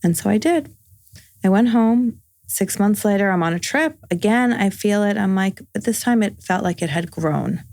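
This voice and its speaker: A woman's voice: medium pitch, animated, moderate pace, a little mellow, dry recording. A woman in her forties, a podcast guest telling a personal story in casual conversation, earnest and full of reported dialogue. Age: 40s.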